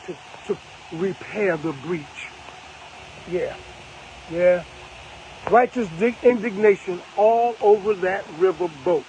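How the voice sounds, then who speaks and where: Emphatic older man with a high voice. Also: creaky, a little mellow, a little hiss or hum, rough recording. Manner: preachy, emphatic, repeats phrases for effect. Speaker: host of a live broadcast. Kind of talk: casual live-stream commentary.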